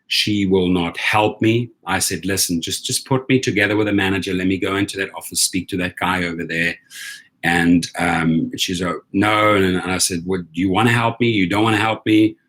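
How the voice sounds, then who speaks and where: A man's voice: low-pitched, a bit bright, husky. A man telling viewers an indignant story about his treatment, often checking in with "right?". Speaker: rideshare driver and channel host. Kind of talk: casual storytelling rant to camera.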